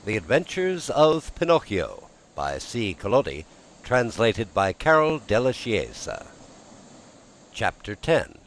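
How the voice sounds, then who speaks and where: A man narrating an audiobook in an expressive, lively storytelling manner. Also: low-pitched, slight background noise, poor audio.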